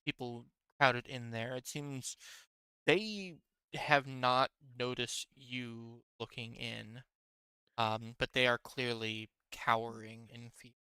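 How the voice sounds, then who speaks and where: A man running a tabletop game on a stream, narrating the scene in a relaxed, hesitant way with many fillers. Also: mid-range voice, slow, clean tone, dry recording. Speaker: game master.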